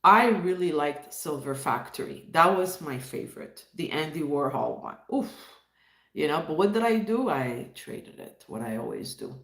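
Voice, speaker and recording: A woman's voice: sits low, expressive, normal speed, fairly bright tone, reverberant. A woman from Montreal hosting a live stream, chatting casually and greeting viewers by name as she reads the chat. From Montreal, Canada. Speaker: livestream host.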